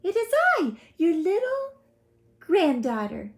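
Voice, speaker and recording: Woman as little storybook girl, polite, sweet, sing-song, very high, lively. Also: slow, exaggerated voice.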